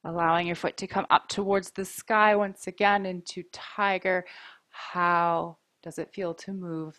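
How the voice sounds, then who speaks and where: A woman teaching a yoga class, giving calm, mindful cues about breath and poses while wearing a mic. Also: fairly low pitch, no room sound, studio quality. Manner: calm, slow, mindful cueing. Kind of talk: guided yoga class instruction.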